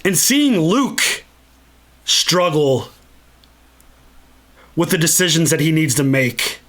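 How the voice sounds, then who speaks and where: A man's voice: fairly high pitch, sing-song, takes it slowly, a bit bright. A man hosting a casual movie commentary, enthusiastic and freely swearing. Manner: enthusiastic and profane. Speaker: channel host.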